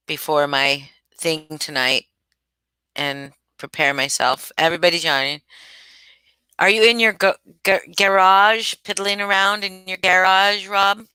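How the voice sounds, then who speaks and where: Woman livestreamer, sleepy, rambling casual chat, lowish bright voice, dry close sound. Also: steady tone, measured pace, pauses often, clean tone, no echo, rough recording. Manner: rambling and chatty, addressing viewers by name. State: sleepy and yawning. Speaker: livestream host. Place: at home.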